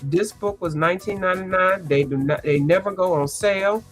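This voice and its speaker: A woman, chatting casually and rambling as she hosts a coloring livestream, sounding congested and clearing her throat. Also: on the low side, a little fast, soft background music. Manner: chatty, rambling, lots of asides and restarts. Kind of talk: casual chat.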